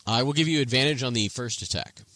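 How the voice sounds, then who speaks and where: A man narrating a tabletop game as game master, in an animated, playful manner. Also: medium pitch, quick pace, no echo.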